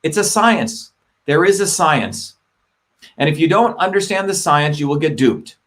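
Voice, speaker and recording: A middle-aged man hosts a livestream in a fairly high voice. He talks emphatically and combatively, hammering the same points again and again and swearing when he gets worked up. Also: lively intonation, a little slow, a bit bright. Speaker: host of a live online show. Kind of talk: live-stream monologue.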